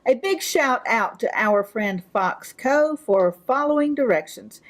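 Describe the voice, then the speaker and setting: A woman's voice: a little high, expressive, measured pace. A woman TV host giving an upbeat, scripted introduction to a segment. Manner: upbeat, enthusiastic.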